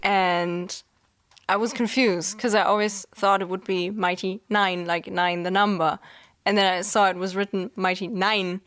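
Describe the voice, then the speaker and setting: A German woman co-hosting a podcast, curious and quick to laugh. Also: mid-range voice, steady tone, fairly bright tone. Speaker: podcast co-host. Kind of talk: casual chat.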